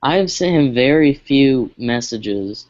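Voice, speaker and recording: A man's voice: medium pitch, expressive, slow, lo-fi sound, background noise. A man co-hosting a casual chat, speaking hesitantly with lots of fillers as he confides in a friend. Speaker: podcast co-host.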